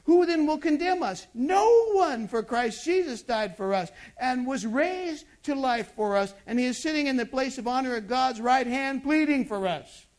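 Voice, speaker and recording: A pastor delivering a sermon, moving from loud emphatic bursts to hushed intimate asides and asking the congregation rhetorical questions. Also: sits high, expressive, moderate pace, few pauses.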